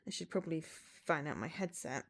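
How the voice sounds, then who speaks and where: A woman's voice: sits low, expressive, a little fast. A woman streamer chatting casually with her viewers, rambling with restarts.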